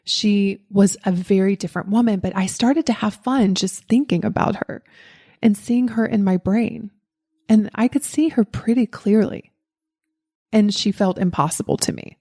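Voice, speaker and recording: A woman from the Southern United States with a faint Southern accent, a podcast host giving a motivational talk and telling a personal story in a lively way. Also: mid-range voice, moderate pace. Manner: lively storytelling, acts out quoted voices. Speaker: podcast host and life coach.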